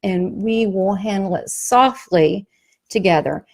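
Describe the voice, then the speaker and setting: At a slow pace and medium pitch, the woman with the Southern US accent promotes her class. A psychic medium hosting workshops, she talks in an emphatic, folksy way, telling animated stories to motivate.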